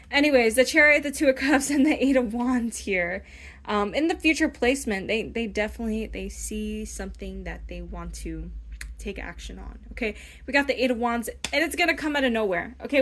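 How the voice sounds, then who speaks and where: A young woman talks through a casual tarot reading in a chatty, meandering way. She keeps checking in with the listener and slips into little voiced snippets of what someone might be thinking. Her voice sits at an ordinary middle pitch. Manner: chatty, rambling, often asks "okay?"; acts out imagined inner voices. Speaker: tarot reader.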